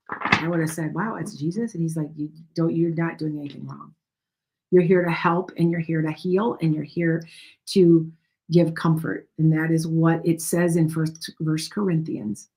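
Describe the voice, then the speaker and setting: A woman's voice: low-pitched, darkish tone. A middle-aged woman hosting a casual livestream tarot reading, rambling and reassuring viewers by name. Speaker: tarot reader and livestream host.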